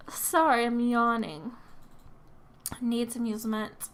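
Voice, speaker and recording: Slow, chatty woman talking to her game. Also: fairly high pitch, a bit bright. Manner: chatty, talks to her game characters and laughs often. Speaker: gaming channel host. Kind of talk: casual let's play commentary.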